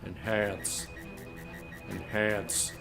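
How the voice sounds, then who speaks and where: A man's voice: on the low side, steady tone, very slow, vocal fry, full character voice. A man playing a cocky, goofy male detective who hunts robots, in a silly comedy sketch with music underneath. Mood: smug. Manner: silly, boastful, playful. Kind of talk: comedy voice acting over art stream.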